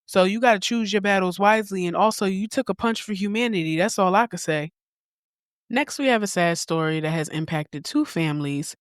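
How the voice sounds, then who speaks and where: A woman's voice: mid-range voice, a little fast, no echo. Blunt woman podcast host, dry close sound. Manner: blunt, candid, swears casually. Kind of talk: opinionated commentary.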